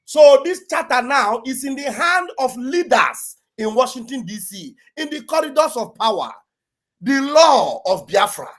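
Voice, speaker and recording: Excitable man, shouting commentary. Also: very high-pitched, unhurried. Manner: animated, mocking, repeating phrases and shouting. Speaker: online commentator. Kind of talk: excited commentary over video clips.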